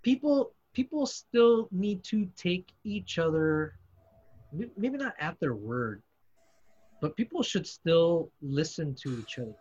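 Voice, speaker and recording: A man co-hosting a casual podcast chat, animated and profane, often stammering as he restarts his sentences. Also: a little high, takes it slowly, slightly rough. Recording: muffled lo-fi sound.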